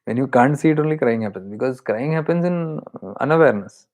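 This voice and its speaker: A man's voice: medium pitch, expressive, fast talker, a little mellow. A man with an Indian accent, a spiritual teacher explaining awareness in an earnest, repetitive way. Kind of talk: spiritual talk.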